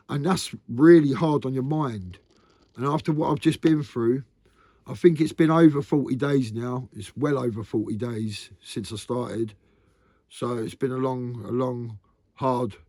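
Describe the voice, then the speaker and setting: A man's voice: mid-range voice, mellow, dry recording, studio quality. Earnest man, rambling vlog. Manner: rambling and earnest, often ending lines with "mate". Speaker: vlogger. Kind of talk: candid confessional vlog.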